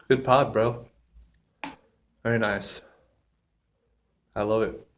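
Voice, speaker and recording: A man speaks slowly in a casual solo review, his pitch staying flat and even. He halts often with ums and pauses. He sounds a little out of breath, sniffly from a runny nose, with his mouth still burning. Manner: halting, with many ums and pauses. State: slightly out of breath from pepper heat. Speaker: pepper reviewer.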